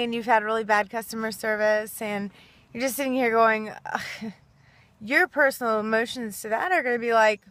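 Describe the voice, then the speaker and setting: A woman's voice: a little high, fairly even intonation, normal speed, a bit bright, clear, resonant tone, no echo. A woman speaking earnestly and casually to camera, rambling a little and acting out small quoted exchanges. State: choked up. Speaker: self-help video host. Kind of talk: casual heartfelt talk to camera.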